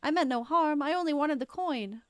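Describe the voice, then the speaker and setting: A woman's voice: sits high, normal speed, no echo, clean studio sound, voice pushed up, natural voice. A woman voicing a treacherous, greedy male soldier who panics and pleads, reading game dialogue aloud on stream. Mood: defensive. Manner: panicky pleading, then gloating.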